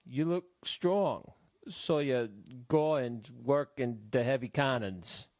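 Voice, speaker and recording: A man voicing a gruff, superstitious quartermaster with a thick Greek accent, speaking slow, broken English. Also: medium pitch, a little mellow, no room sound.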